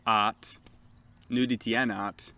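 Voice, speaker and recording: A man with an Australian accent co-hosting a family vlog, animated and self-mocking, often restarting his sentences. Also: lowish voice, slow pace, a little hiss or hum. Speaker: co-host. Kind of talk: casual family vlog chat.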